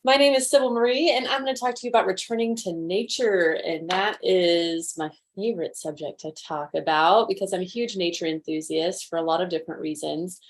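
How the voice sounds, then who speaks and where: A woman's voice: on the low side, fairly quick, few pauses, slight background noise. An upbeat woman presenting in a casual webinar over a video call, with frequent fillers.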